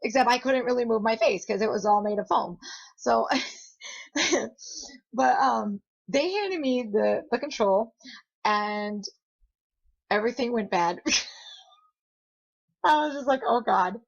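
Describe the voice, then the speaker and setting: A young woman telling a story in a casual vlog, giggly and excitable, often breaking into laughter. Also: on the high side, measured pace, creaky, pauses often, highs cut off. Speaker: vlogger.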